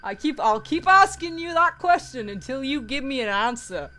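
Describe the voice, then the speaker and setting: A woman's voice: high voice, animated, moderate pace, sharp tone. A young woman playing a horror game, chatting to the characters, swearing and laughing in panic. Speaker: gaming YouTuber. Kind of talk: horror game let's play commentary. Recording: faint music behind.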